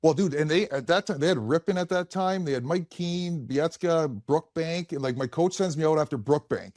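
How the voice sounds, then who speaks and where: A man's voice: on the high side, normal speed, darkish tone, no echo, clean studio sound. A man in his thirties, a former pro hockey player, telling stories in casual chat, laughing often and rambling with many restarts.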